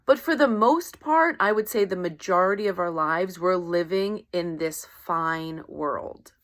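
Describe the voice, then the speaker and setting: A woman's voice: lowish voice, measured pace. A woman life coach talking in a casual motivational monologue, conversational, often checking in with "right?" and acting out everyday exchanges. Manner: conversational, acts out quoted voices, keeps asking "right?".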